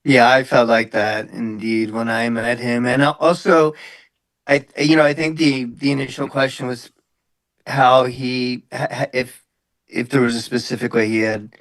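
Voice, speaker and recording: Panelist, man from the US: mid-pitched, hesitant and searching for words, dry sound. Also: level tone, normal speed, a bit bright, no room sound. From Philadelphia, USA. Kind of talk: casual panel discussion.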